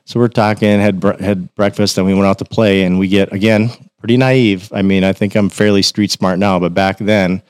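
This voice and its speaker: A man's voice: deep voice, moderate pace, few pauses, clear, resonant tone, no echo. A man telling casual stories as a podcast guest, acting out what others said in a raised voice. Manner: animated, acts out quotes in a raised voice. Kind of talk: casual storytelling.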